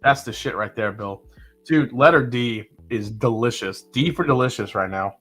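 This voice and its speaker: A man with a mid-range voice hosts a whiskey livestream, running a live tasting at a moderate pace with faint music behind him. He chats casually and reads out viewer comments, relaxed and chatty, with fillers and sips.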